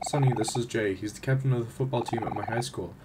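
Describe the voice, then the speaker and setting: A man voicing an energetic, chatty teenage boy, over loud background noise. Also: mid-range voice, fast, natural voice. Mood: upbeat. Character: energetic outgoing teen boy.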